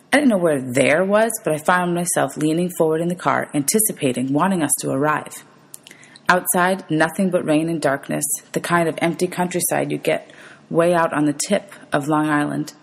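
A woman's voice: low voice, moderate pace, vocal fry, slightly rough. A woman teacher reading a novel aloud for students, steadily narrating and calling out page numbers.

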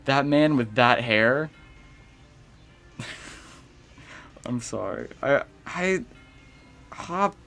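A young man streams a game and chats casually, with an animated, rambling delivery full of fillers. His voice sits at a middling pitch, and faint game music plays behind him. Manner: animated, rambling, lots of fillers, reads game text aloud. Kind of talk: casual gaming commentary.

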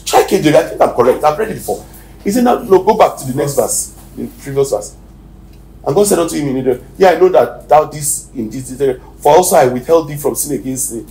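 Emphatic Nigerian pastor in an echoey hall. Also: male voice, fairly high pitch, animated, fast. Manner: emphatic preaching, swinging from shouts to near-whispers. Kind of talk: sermon. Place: church hall. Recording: echoey hall, distant mic, faint noise.

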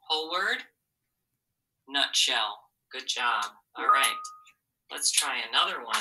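A woman teacher leads a children's phonics lesson with a very low but sharp, bright voice. She is patient and encouraging, asking questions and waiting for answers. The recording catches her from a little distance away.

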